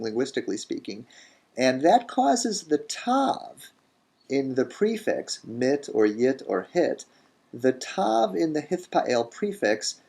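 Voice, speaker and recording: A man teaching a grammar lesson in a recorded lecture, deliberate, saying each word form slowly and repeating it. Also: a little high, darkish tone, breathy edge. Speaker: language teacher.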